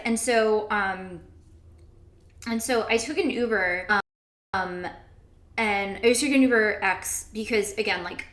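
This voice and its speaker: A woman's voice: mid-range voice, fairly bright tone. A woman rambles through an improvised comedy story, stalling on "um" and "like". Her voice sits in a mid range and rings in an echoey room. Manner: rambling, full of "um" and "like". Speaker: improv performer.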